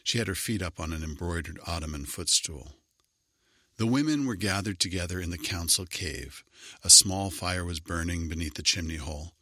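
A man narrating a storybook in an expressive, wry way. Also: sits low, moderate pace, no room sound, clean studio sound.

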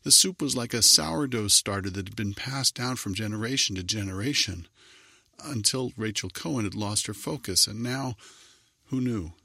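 A man narrating a children's story in an even, measured reading voice. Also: fairly low pitch, creaky, no room sound, clean studio sound.

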